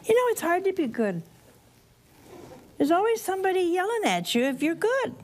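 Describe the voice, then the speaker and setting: A woman's voice: very high voice, sing-song, moderate pace, a little hiss or hum. A woman preaching a storytelling sermon to a live audience, chatty and folksy, laughing at her own asides and acting out the characters.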